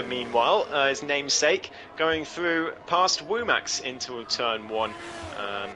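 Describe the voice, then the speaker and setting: A man commentating a sim race live, easygoing with lots of fillers, climbing in pitch when the action heats up. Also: background noise. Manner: relaxed, many fillers, rises sharply when action heats up.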